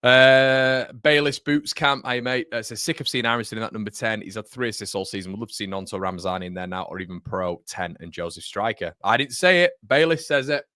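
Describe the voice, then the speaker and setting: A man's voice: on the low side, fast talker, few pauses, bright, forceful tone, dry recording, clean studio sound. A man hosting a fan livestream, chatting casually and reading out viewer comments, rambling and correcting himself as he goes. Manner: rambling, self-correcting, addresses viewers as mate. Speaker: fan channel host.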